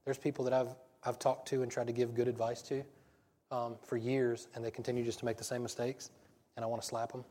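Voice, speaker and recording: Man, casual sermon, rapid rambling delivery, self-interrupting, long hall echo. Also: mid-range voice, level tone, warm tone. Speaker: preacher.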